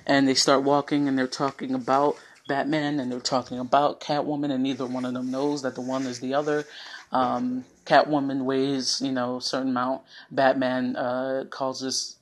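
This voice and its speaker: A man's voice: medium pitch, little pitch movement, normal speed. A man casually retelling a film scene by scene, rambling off on tangents with lots of fillers. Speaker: online video host. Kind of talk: casual movie recap.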